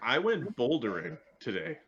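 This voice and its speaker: A man's voice: medium pitch, wildly swooping pitch, moderate pace, fairly bright tone, muffled recording. A man, a player chatting casually and rambling with a laugh. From Ontario, Canada. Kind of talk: casual chat.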